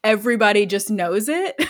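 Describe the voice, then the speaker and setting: A woman's voice: medium pitch, normal speed. A woman co-hosting a casual podcast, telling a funny story and laughing often as she goes. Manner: laughs often while telling a story, animated quoted voices. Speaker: podcast co-host.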